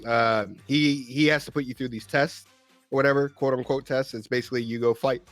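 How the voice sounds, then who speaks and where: A man's voice: mid-range voice, steady tone, a little fast, fairly bright tone, no echo, faint music behind. A man co-hosting a podcast, recapping game scenes in a casual, profane way with many fillers. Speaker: podcast co-host. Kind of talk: casual gaming chat.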